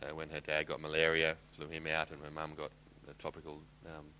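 Very deep, flat-voiced man. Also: slight background noise, rough recording. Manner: halting, with many fillers. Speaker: presenter. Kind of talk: informal presentation with slides.

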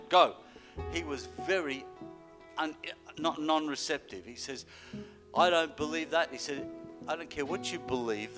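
A man preaching a sermon, telling a healing story and building to loud, high-pitched exclamations at the climaxes. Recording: music playing behind the voice. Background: guitar music.

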